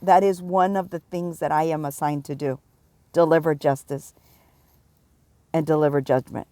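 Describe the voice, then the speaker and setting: A middle-aged woman giving a prophetic warning, stern and emphatic, pressing her points with slow repetition. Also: sits low, steady tone, dark tone, dry recording. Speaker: self-described prophet.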